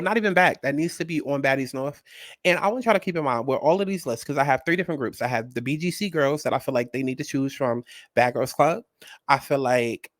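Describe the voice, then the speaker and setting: A man hosting a casual commentary vlog, talking in a sassy, animated and blunt way and swearing freely. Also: medium pitch, no room sound, studio quality. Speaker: host.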